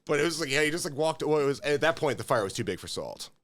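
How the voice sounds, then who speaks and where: A mid-pitched man who talks quickly, stringing stories together loosely and leaning on "like" at every turn. His tone stays casual and conversational. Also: big pitch swings, a bit bright. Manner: fast, rambling storyteller, many "like" fillers. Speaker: podcast co-host, cook. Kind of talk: casual chat.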